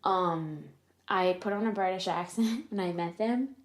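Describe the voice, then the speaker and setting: A woman's voice: lowish voice, a little slow. Chatty young woman in an echoey room. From Virginia, USA. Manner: chatty, rambling storyteller who teases back. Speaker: podcast co-host. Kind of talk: casual chat. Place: room at home. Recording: roomy echo.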